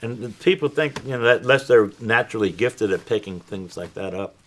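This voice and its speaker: Older male actor as guest, low voice, measured and modest. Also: fairly bright tone. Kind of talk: casual interview chat.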